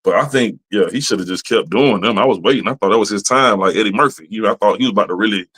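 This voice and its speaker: Animated, profane man hosting a podcast. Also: lowish voice, very fast, breathy edge. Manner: animated, profane, laughs often, voice jumps up when ranting. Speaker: podcast host. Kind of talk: casual monologue.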